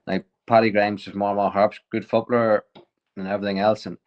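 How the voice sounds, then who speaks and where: A man tells a story as a podcast guest, chuckling as he goes and often stopping to restart a sentence. His voice sits fairly low. The recording sounds a little muffled. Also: fairly quick. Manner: lively anecdotal, chuckles often, frequent restarts. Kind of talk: casual storytelling.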